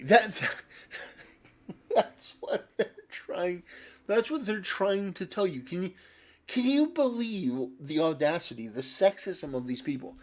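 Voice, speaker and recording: A male commentator with a slightly higher voice rants in a sarcastic, exasperated tone. He swears often and keeps restarting his sentences as he builds his argument. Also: big pitch swings, slow pace. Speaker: video commentator. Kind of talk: ranting commentary.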